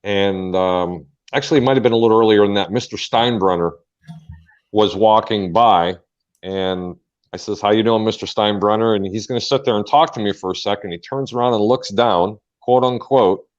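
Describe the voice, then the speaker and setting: A man hosting a sports talk show, telling an animated story and acting out the quotes. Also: lowish voice, moderate pace. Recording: dull lo-fi sound.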